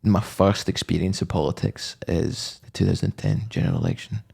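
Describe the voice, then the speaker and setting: A man's voice: low voice, sing-song, fairly quick, vocal fry, a little mellow, husky. A man in his thirties co-hosting a podcast, telling rambling, joking stories in casual chat and sometimes breaking into sung bits. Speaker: podcast co-host.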